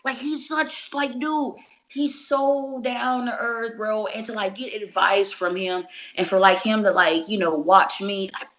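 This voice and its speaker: A woman wrestler in a casual interview, telling stories in an animated, slangy and profane way. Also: mid-range voice, unhurried. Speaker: wrestler guest. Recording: dull lo-fi recording.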